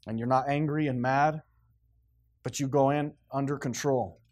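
A man's voice: medium pitch, fairly even intonation, moderate pace, darkish tone. A man preaching a sermon in a stern, emphatic, plainspoken way, repeating phrases to drive his points home.

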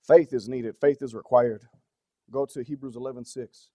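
A man preaching a sermon in an earnest, conversational way, often asking the congregation questions and shifting between soft, low-key passages and urgent emphasis. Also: steady tone, moderate pace, no room sound, clean studio sound. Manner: drops to a soft, low-key delivery for stretches, then rises with urgency.

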